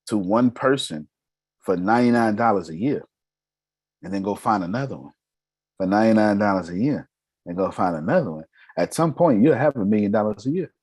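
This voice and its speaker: A raspy-voiced man giving a motivational business lesson, emphatic and casual, firing off rhetorical questions. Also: fairly low pitch, darkish tone, no room sound. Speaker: business mentor. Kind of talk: motivational teaching.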